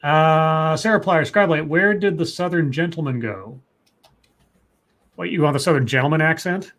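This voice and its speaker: In casual live-stream chat, a male co-host reads viewer messages aloud and rambles, frequently starting over. He speaks at a moderate pace in a fairly high, slightly bright voice.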